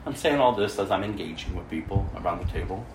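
A man preaching his testimony as a story, swinging between loud stretches and hushed ones. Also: low voice, animated, fast. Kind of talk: sermon testimony. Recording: echoey room, mic far off, faint noise.

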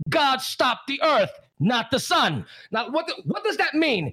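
A man preaching as a guest, impassioned, repeating "listen" and "watch this" and breaking into shouts. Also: extremely high pitch, sing-song, measured pace, hardly any pauses. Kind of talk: fiery preaching on deliverance.

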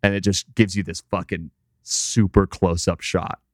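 Deep-voiced man, casual profane chat. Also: normal speed, no room sound, clean studio sound. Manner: profane, animated retelling of an anime scene with many fillers. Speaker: podcast co-host.

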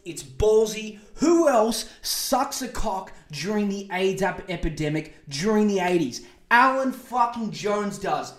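A podcast host, a man who rants with crude, sarcastic mockery. His voice sits fairly high for a man. The recording has a noticeable room echo. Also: lively intonation, unhurried, few pauses. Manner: sarcastic, crude and mocking, with repeated insults. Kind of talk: profane comedic rant. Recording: echoey room.

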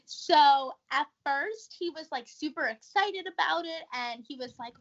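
A young woman from New York tells her story as a guest, her New York accent plain and her manner chatty and animated. Her high, bright voice comes through slightly dull, lo-fi audio. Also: unhurried. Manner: chatty, animated, says "like" a lot. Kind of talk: casual interview storytelling.

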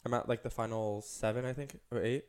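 A man's voice: mid-range voice, steady tone, fairly quick, smooth. A man co-hosting a podcast in casual chat, rambling with lots of "like" and "um". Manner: rambling, heavy use of "like" and "um". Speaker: podcast co-host.

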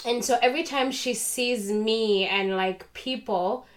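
A woman chatting casually, telling a story with lively acted-out voices of other people. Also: a little high, measured pace. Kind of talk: casual chat.

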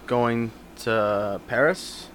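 A man's voice: medium pitch, very slow, crowd noise. A man co-hosting a casual podcast chat, rambling with lots of fillers and sitting back from the microphone. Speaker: podcast co-host. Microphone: sits back from the microphone.

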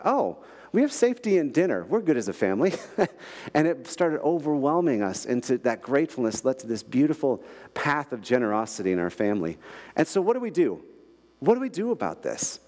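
A man giving a sermon as a guest preacher, telling stories with emotion and laughing often. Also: on the high side. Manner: animated, emotional storytelling with frequent laughs. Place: large church hall. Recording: long reverb of a large hall.

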